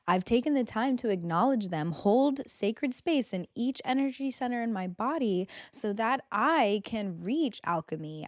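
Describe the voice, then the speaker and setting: A woman's voice: lowish voice, dry recording, clean studio sound. A young woman hosting a spiritual self-help podcast, talking in a heartfelt, emotional way about inner healing. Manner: heartfelt, gets emotional and laughs through tears. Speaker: podcast host.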